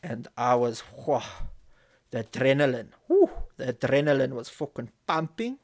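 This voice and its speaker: A man's voice: medium pitch, big pitch swings, moderate pace. A man casually telling a story on a live stream, swearing often and repeating phrases as he builds tension. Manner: profane, vivid storyteller who repeats phrases.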